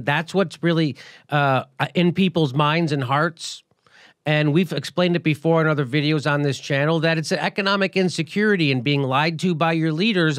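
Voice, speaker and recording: A middle-aged man hosting a political commentary show, talking in an animated, emphatic, blunt and profane way. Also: fairly high pitch, no echo, studio quality. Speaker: show host.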